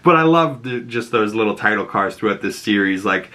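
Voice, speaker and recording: A man breaks down a TV episode in an excitable, rambling recap, tossing "like" into nearly every sentence. His voice sits a little low but comes across bright and forceful, pushing hard through each scene. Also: brisk. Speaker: show reviewer.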